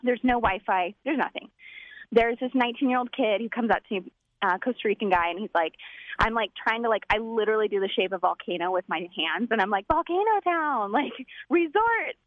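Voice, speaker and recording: A woman telling a comedic personal story, animated and acting out voices as she goes. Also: mid-range voice, fast talker, no echo. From United States. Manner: animated, acts out voices in quotes. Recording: dull, lo-fi dry recording.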